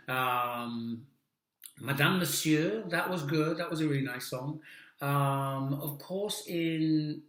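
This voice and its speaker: A man's voice: on the high side, fairly bright tone, echoey room. A man in his forties hosting a casual song reaction video, chatty and playful with self-mocking asides. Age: 40s. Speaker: video host reacting to songs.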